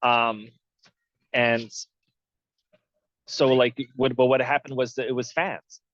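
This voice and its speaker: A man's voice: medium pitch, level tone, slow pace, a bit bright, dry recording. A man, a film producer, giving candid interview answers with dry jokes. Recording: dull, muffled audio.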